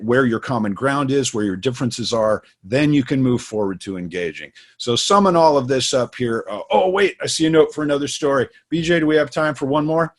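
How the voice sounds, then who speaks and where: A middle-aged man co-hosting, explaining ideas in a casual way with plenty of fillers, restarts and personal stories. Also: medium pitch. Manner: storytelling, many fillers and restarts. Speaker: co-host. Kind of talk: casual instructional talk.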